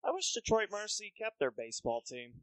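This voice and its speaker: A slightly high-voiced man hosts a casual conversation, dropping in short comments and quick asides. The sound is dry and close to the mic. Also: big pitch swings, dry recording. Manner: brief backchannel, quick asides. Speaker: podcast host. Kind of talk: casual chat.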